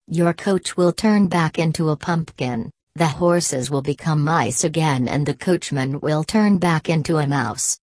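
A brisk, commanding fairy godmother, as a woman reader puts her on from a storybook. The voice sits low and the orders come quick and firm. Dry, close sound. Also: a little mellow, no echo.

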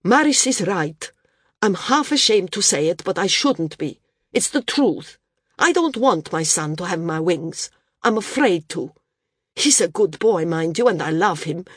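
A woman doing an awkward, low-voiced burly man. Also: expressive, unhurried, husky, no echo, studio quality. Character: solid middle-aged man, awkward and self-conscious.

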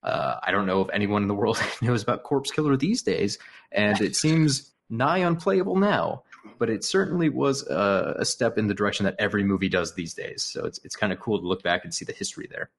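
A man's voice: on the low side, expressive, quick pace, gravelly, hardly any pauses, a little hiss or hum. A man co-hosting a casual movie commentary podcast, reading out trivia notes and laughing often. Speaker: podcast co-host.

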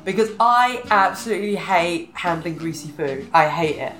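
Animated British woman, roomy sound. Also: on the low side, normal speed. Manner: animated, laughs often, self-deprecating. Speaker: podcast co-host. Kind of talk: casual chat. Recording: roomy echo with faint music.

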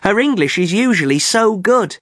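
A man hosting an English-learning podcast, speaking clearly in an amused, teacherly way. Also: sits high, expressive, moderate pace, a bit bright, no echo, clean studio sound. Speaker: podcast host.

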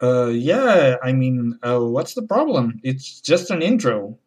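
A man delivering a wry, deadpan comedy monologue as host. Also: mid-range voice, slow pace. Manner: deadpan, wry, switching into mocking voices.

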